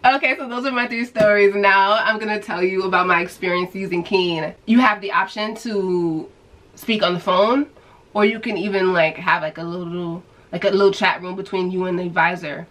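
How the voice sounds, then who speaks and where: A woman from New York telling a story to her viewers in a casual, animated way, acting out the people she quotes. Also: medium pitch, normal speed, rough recording. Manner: animated storyteller who acts out quoted voices. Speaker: vlogger.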